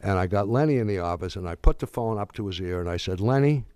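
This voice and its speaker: Older man, low voice, halting speech with repeats, dry close sound. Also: a little mellow, smooth, no room sound. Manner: halting, restarts and repeats words. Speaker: interviewee. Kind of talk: reflective anecdote.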